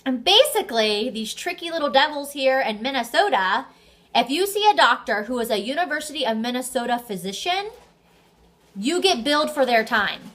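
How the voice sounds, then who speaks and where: A young woman with a fairly high voice talks straight to the camera as a vlogger. She chats casually and tells her story with lots of animation, slipping in the occasional swear word. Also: very animated, normal speed, a bit bright. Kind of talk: casual chat.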